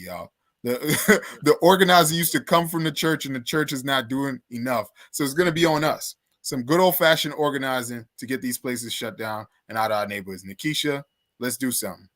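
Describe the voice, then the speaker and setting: A man's voice: mid-range voice, fairly bright tone, dry recording. Earnest dry-voiced man talking community. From New York, Trinidadian parents. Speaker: guest, local politician. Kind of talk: casual discussion.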